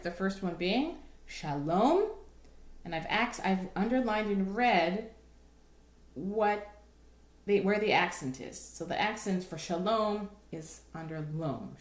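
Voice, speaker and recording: Woman cantor, mid-pitched voice, patient and explanatory, sings short examples, echoey room. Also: animated. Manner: patient, explanatory, thinks aloud with restarts; breaks into slow sung examples. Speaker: cantor teaching a class. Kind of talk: recorded lesson explaining chant melodies. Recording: roomy, echoey room sound.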